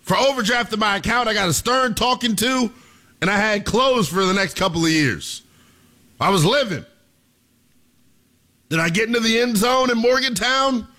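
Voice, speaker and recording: Animated, high-pitched sports radio host. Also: male voice, moderate pace, long pauses. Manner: preachy, theatrical, addresses listeners as ladies and gentlemen. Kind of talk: animated sports talk monologue.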